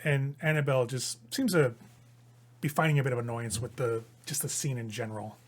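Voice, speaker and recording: A man narrating as the game master of a tabletop role-playing game, in a lively, animated way. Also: medium pitch, fairly quick.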